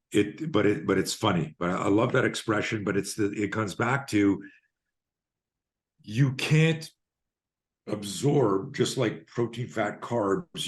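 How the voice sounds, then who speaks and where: A man in his fifties, a fear and self-defense coach, telling stories in a podcast interview and acting out both sides of the conversations. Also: sits low. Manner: animated storyteller acting out dialogues.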